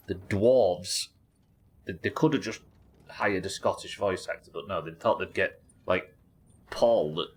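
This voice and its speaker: A man's voice: sits low, a bit bright, husky. A British man commenting on a horror game as he plays it live, musing aloud, reading notes and chatting with viewers. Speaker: streamer.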